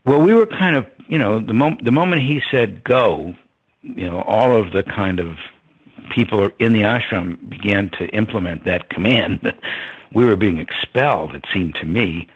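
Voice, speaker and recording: Older guy reminiscing in an interview, deep raspy voice, kinda muffled sound. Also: animated, moderate pace. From United States. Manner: reflective, with many ums and soft laughs. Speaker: interview guest. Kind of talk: storytelling in conversation. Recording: dull lo-fi sound.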